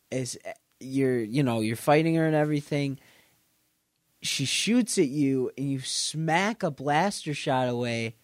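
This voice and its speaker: A man's voice: medium pitch, no echo. Man rambling through a game story, dry sound. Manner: rambling and animated, acts out quoted lines, laughs often, swears. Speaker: podcast co-host or guest. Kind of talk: casual chat, retelling a video game scene.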